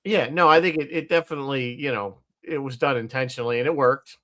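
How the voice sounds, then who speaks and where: A man's voice: mid-range voice, fast talker, pushed and bright, dry recording. A man co-hosting a casual podcast chat, talking loosely, laughing often and restarting his sentences. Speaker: podcast co-host.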